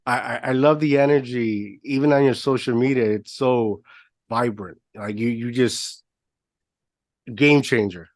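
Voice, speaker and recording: A man's voice: medium pitch, unhurried, no room sound, clean studio sound. A man hosting a podcast interview, enthusiastic but stammering and repeating words as he asks his questions. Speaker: podcast host. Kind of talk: casual interview chat.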